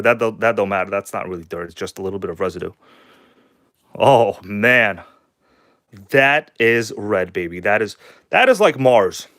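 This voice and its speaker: A man's voice: mid-range voice, a bit bright. A man hosting a casual hobby livestream from home, talking loosely and joking with viewers. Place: at home, kitchen table.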